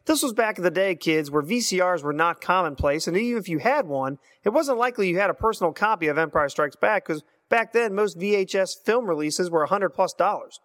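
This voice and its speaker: Man in his 30s, earnest nostalgic voicemail, slightly high pitch, long reverb. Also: expressive, fairly quick, few pauses, fairly bright tone. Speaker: listener voicemail. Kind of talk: reminiscing and reading aloud.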